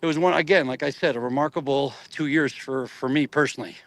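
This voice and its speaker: A middle-aged actor talks fast in a medium-pitched voice while telling animated stories as a casual interview guest. He often laughs and acts out voices, and there's no echo.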